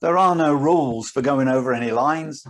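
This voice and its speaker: A man's voice: mid-range voice, moderate pace. A man, a podcast co-host and driving instructor, telling an anecdote in casual chat and acting out his own lines. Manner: animated storyteller, acts out his own lines.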